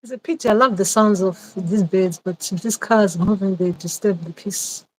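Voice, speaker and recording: A woman hosting a casual livestream chat as a spiritual advisor, speaking outdoors. She talks in a hesitant, reflective way, with many pauses and repeated phrases. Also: mid-range voice, a little mellow, a little hiss or hum, poor audio.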